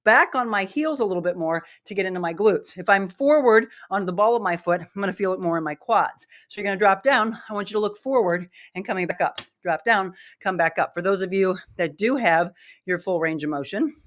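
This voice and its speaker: A woman's voice: medium pitch, fairly quick. A middle-aged woman leading a live workout lesson, upbeat and coaching, out of breath as she demonstrates the moves. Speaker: fitness instructor.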